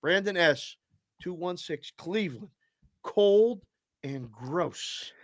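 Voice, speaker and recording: A male host on a live show, cheerfully reading out viewer shout-outs with names and area codes. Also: high voice, expressive, slow pace, no echo, studio quality.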